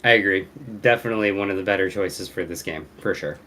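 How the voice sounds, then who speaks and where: Low-voiced man with dry asides. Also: quick pace, sharp tone. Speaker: game reviewer, co-host. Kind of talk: casual podcast chat.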